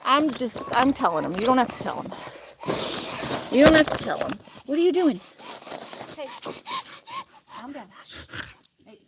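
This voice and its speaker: A woman vlogging outdoors in a back yard, chatting casually and coaxing and scolding excited dogs on a handheld phone. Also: high-pitched, moderate pace, gravelly, long pauses. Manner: coaxing, scolding playful dog talk. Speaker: vlogger dogsitting. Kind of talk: casual chat and talking to dogs. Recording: loud outdoor background noise.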